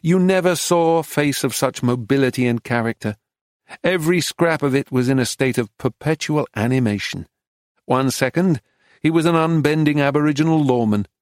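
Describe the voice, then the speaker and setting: Man reading a measured audiobook narration. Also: medium pitch, dry recording, clean studio sound. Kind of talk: scripted first-person narration.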